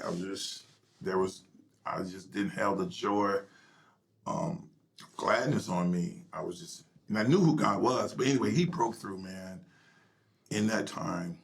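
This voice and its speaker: Low gravelly man, emotional testimony. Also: expressive. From United States. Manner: emotional, halting, drops to near whisper. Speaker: pastor. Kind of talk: personal testimony in interview.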